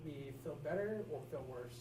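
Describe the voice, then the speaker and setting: A man's voice: a little high, expressive, moderate pace, dark tone, roomy sound, far from the mic, low-quality recording. A man in a class sharing an example, thinking aloud with hesitations. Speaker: student. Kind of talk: classroom discussion.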